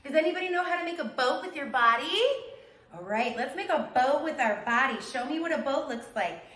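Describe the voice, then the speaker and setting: A woman's voice: sits high, lively intonation, brisk, fairly bright tone, roomy sound. A woman leading a children's yoga class, coaching the kids in an upbeat, sing-song way.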